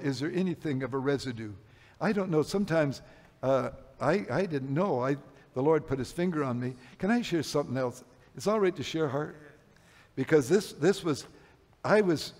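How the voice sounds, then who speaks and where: An older man preaching a sermon, telling personal stories, rising loud then dropping low. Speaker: pastor. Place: church sanctuary. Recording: long hall reverb.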